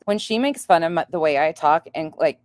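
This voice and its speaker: A woman's voice: low voice, a little fast, darkish tone, no room sound, studio quality. A woman from North Dakota with an upper Midwest accent and a nasal voice, giving blunt, profane reaction commentary on a stream. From North Dakota, raised in Montana.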